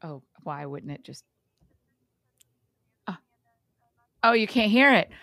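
A woman hosting a podcast, chatting casually and enthusiastically, quick to agree. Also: lowish voice, lively intonation, creaky, a bit bright, no echo. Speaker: podcast host. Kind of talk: casual chat.

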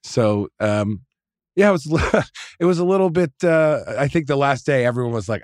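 A man's voice: mid-range voice, animated, quick pace, darkish tone, no echo, clean studio sound. A man casually telling a long, profane story, full of fillers and restarts. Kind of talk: casual chat.

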